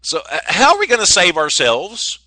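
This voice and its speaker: Bright, animated rambling male podcaster. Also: high-pitched, normal speed, no room sound. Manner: rambling, joking, stammering restarts. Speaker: podcast host. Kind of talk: casual solo commentary.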